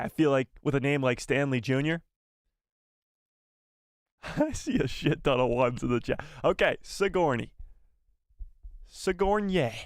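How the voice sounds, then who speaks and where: A man's voice: medium pitch, clear, resonant tone, no room sound, clean studio sound. A man hosting a casual live stream, joking with his chat and mocking himself.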